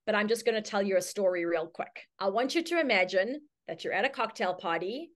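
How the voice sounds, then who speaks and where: A woman teaching a branding workshop, telling a story with lively, chatty delivery and acted-out voices. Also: a little fast. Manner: storytelling, acts out quoted voices with sudden high squeals. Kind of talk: live online workshop talk.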